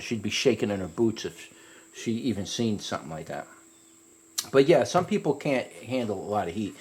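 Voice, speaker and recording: Chatty man rambling about peppers. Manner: rambling and chatty, restarts often, jumps high when retelling stories. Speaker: pepper grower reviewing hot peppers. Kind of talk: casual spoken pepper review.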